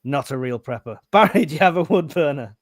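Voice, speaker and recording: A man's voice: a little high, lively intonation, fairly quick, no room sound. A man hosting a casual live stream, reading out viewer questions, teasing his guests and laughing often.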